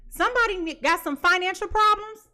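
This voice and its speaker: A woman's voice: very high voice, brisk, pushed and bright. A woman giving a live tarot reading in a chatty manner, repeating her phrases and laughing often. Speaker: tarot reader.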